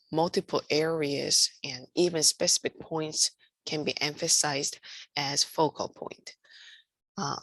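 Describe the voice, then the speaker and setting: A woman lecturing on art in a low, gravelly voice, slow and unhurried. She pauses often and fills the gaps with hesitant ums and uhs. The sound is dry and close. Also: no room sound. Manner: hesitant, many fillers. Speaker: art instructor.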